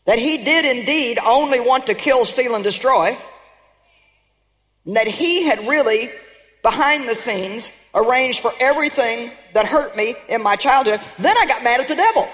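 An older woman preaching a sermon to a congregation, emphatic and animated as she rallies her listeners. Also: fairly high pitch, normal speed. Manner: emphatic, animated, rallying the audience. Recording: reverberant hall.

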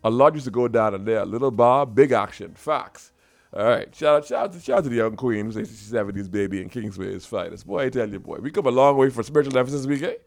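Man hosting a lively radio show. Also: mid-range voice, quick pace, gravelly. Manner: lively, laughing, playful banter in local dialect. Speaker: radio host. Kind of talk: casual radio chat. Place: radio studio.

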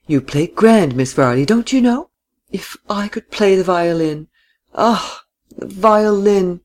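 A man voicing a frail, excitable, childlike little woman of forty in an audiobook, gushing in a high, plaintive voice. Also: slow pace.

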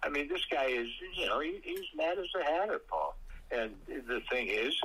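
A man talking politics on a radio show as a co-host, halting with many uhs but blunt in his opinions. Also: mid-range voice, big pitch swings, a bit bright, slightly rough, rough recording. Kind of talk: casual political talk.

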